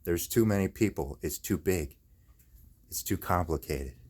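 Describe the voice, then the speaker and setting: A man's voice: low-pitched, unhurried, a little mellow, breathy edge. A man in chronic pain delivering an angry, profane, repetitive rant in his own video. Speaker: video maker. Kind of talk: angry ranting monologue.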